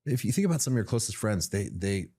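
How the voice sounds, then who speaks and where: A man who is a podcast guest, telling stories in a casual interview, animated and often repeating words as he builds his point. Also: on the low side, fast talker, husky. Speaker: podcast guest, tea company founder.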